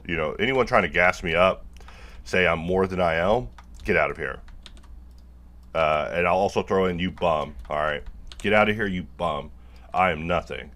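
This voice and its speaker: A man with a low, slightly bright voice talks casually to the camera while working on a project. His monologue is jokey and self-deprecating, drifting off topic and loaded with fillers.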